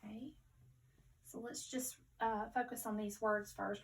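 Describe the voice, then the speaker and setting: A woman with a Southern accent, teaching a patient phonics lesson to young children, sounding words out slowly. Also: on the high side, distant mic.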